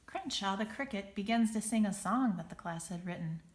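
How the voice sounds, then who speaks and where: A woman reading a children's story aloud in clear, even storytelling. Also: medium pitch, normal speed. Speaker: storybook reader.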